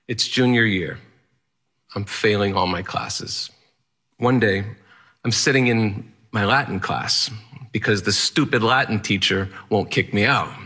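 A man's voice: on the low side, unhurried, bright, forceful tone, breathy edge. A man telling a personal story in the first person, candid and wry, in a matter-of-fact manner.

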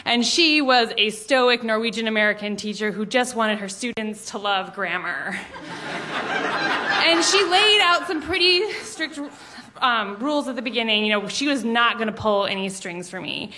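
A woman from Montana telling a personal story live on stage, animated and self-mocking, acting out the quotes. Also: a little high, moderate pace.

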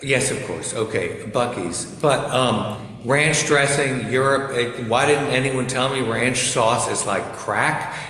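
A man's voice: mid-range voice, slow pace, pushed and bright. A man joining a radio show as a guest over a video call, wry and amused. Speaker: guest commentator. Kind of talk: casual radio interview. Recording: roomy video call with faint noise.

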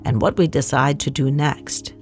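A host narrating and asking interview questions in a measured, neat, scripted way. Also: mid-range voice, fairly even intonation, soft background music.

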